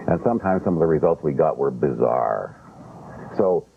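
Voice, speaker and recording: Man, deep voice, wry interview storyteller, tinny lo-fi sound. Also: lively intonation, normal speed, vocal fry. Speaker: film director guest. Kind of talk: interview chat. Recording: tinny lo-fi broadcast sound, faint hiss.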